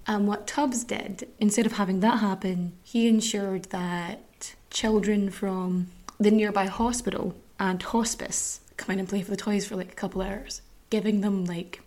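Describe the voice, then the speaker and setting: A woman's voice: medium pitch, warm tone. An Irish woman hosting a podcast, chatting candidly and swearing freely. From Ireland. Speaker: podcast host. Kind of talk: casual chat.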